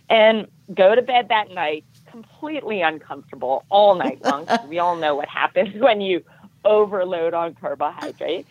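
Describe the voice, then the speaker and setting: A woman guest telling a self-deprecating story in casual talk, animated and acting out the voices of others. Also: on the low side, normal speed, no room sound. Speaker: podcast guest. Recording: muffled dull audio.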